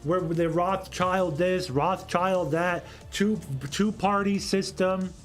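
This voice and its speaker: A man's voice: high voice, fairly even intonation, slow. A man hosting a solo political commentary livestream, answering chat in an argumentative, rambling way and often repeating himself.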